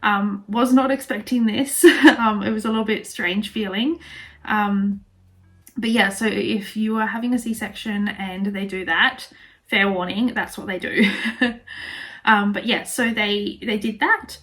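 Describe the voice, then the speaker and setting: A woman's voice: medium pitch, fairly even intonation, unhurried, a bit bright. A young Australian woman telling a personal story in a chatty vlog style, full of fillers and emotion. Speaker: vlogger.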